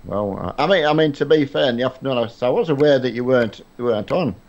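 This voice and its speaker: A middle-aged man chatting on a live game stream in a rambling, hesitant way, full of fillers and false starts. His pitch sits in an ordinary middle range. The audio is dull and lo-fi. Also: animated, quick pace, a little mellow. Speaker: streamer playing a truck game with his son. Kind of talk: casual live-stream chat.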